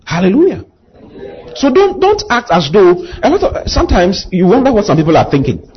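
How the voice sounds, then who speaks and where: A man's voice: high voice, big pitch swings, a little fast, husky, lo-fi sound. A male pastor preaching a sermon, asking the congregation to repeat after him and building to impassioned emphasis. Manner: call-and-response preaching, rising to impassioned emphasis.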